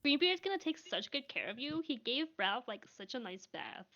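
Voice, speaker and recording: A woman's voice: high voice, sing-song, moderate pace, pushed and bright, muffled recording. A woman playing a tabletop game, talking in a bubbly, gushing way. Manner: bubbly, gushing, fond of 'like' and 'totally'. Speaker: player.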